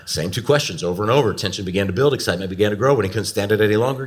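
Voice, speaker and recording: A man in his forties preaching a sermon, telling family stories with animated, swooping emphasis. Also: lowish voice, very fast, hardly any pauses. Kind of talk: storytelling sermon.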